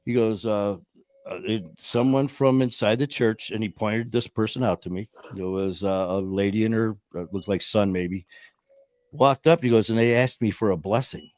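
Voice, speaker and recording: A man's voice: on the low side, normal speed, darkish tone, no echo, studio quality. A man in his fifties telling stories in a casual, rambling way, acting out quoted voices and often restarting his sentences. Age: 50s. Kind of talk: casual storytelling chat.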